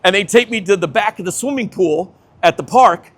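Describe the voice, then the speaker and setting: A man in his fifties, a veteran skateboarder telling an animated story, laughing often and swearing casually. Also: high voice, moderate pace, hardly any pauses.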